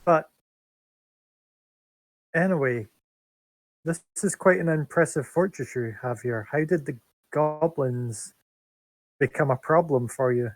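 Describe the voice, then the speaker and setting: A man voicing a polite, curious adventurer in a tabletop game, asking slow, mannered questions. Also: on the high side, no echo, lightly acted, poor audio.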